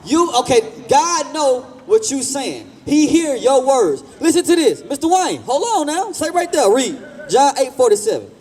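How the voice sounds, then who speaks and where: A man's voice: extremely high pitch, very animated, normal speed, darkish tone. A man preaching outdoors on a street, blunt and slangy, firing questions at passers-by and repeating himself.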